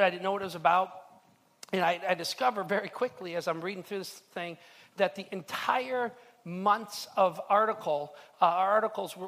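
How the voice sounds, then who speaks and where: A man's voice: high-pitched, fairly bright tone. A middle-aged man preaching a sermon as the pastor, telling a personal story earnestly with frequent stammered restarts. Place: church hall. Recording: long hall reverb.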